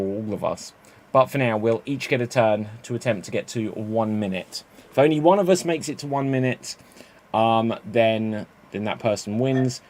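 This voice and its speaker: A man hosting an improv game over a stream, laying out the rules and reading audience suggestions. He talks in a loose, chatty way and laughs off his own mistakes. His pitch sits in an ordinary middle range. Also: darkish tone. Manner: chatty, self-correcting, laughs at own slips. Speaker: improv show host.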